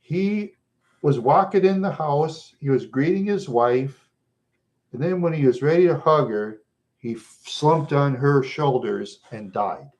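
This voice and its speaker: A middle-aged man from Minnesota with a rough voice worn by smoking, chatting loosely with viewers and often chuckling as he rambles through stories. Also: a little high, lively intonation, a little slow, a little mellow. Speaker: livestream host chatting with viewers. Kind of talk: casual rambling chat.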